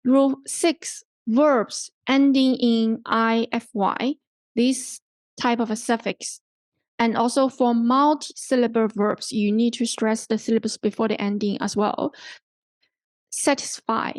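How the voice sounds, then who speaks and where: A woman's voice: fairly high pitch, flat delivery, measured pace, no room sound. A woman instructor giving a pronunciation workshop lecture. She repeats the example words and keeps checking in with "right?" and "okay?". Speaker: English language instructor.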